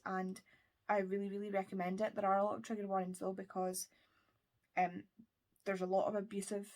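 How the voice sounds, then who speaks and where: A woman from the United Kingdom giving a casual, enthusiastic book wrap-up, chatty and now and then dropping to a whisper. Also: mid-range voice. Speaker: book vlogger.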